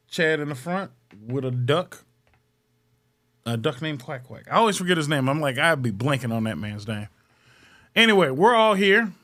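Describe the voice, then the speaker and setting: A man with a slightly high, fairly bright voice hosts a comedy podcast. He chats casually and goes on loose, profane, joking rants.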